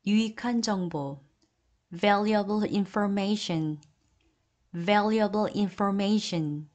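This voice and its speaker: A woman reads through a vocabulary list at a measured pace. She pairs each Korean term with its English phrase and repeats the English slowly and carefully. Her voice sits at an ordinary middle pitch. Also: darkish tone, muffled recording. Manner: slow deliberate repetition of each English phrase. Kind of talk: word list reading, Korean then English repeated twice.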